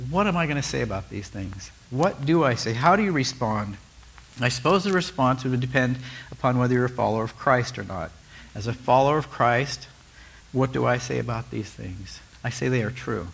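Gravelly and husky, a mid-range male voice preaches fairly quickly in a conversational sermon. The pastor animates his delivery by asking listeners questions and changing his tone again and again.

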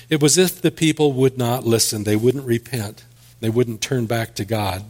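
A man preaching a sermon, reading scripture aloud and then explaining it in plain words, with small restarts. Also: mid-range voice. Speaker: pastor.

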